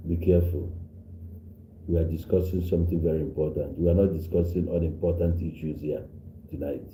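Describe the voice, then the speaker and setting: Deep, dark-voiced man. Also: steady tone, brisk, roomy sound, slight background noise, poor audio. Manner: mixes Igbo and English, scolds commenters. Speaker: live stream host. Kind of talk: live stream talk to viewers, retelling a story.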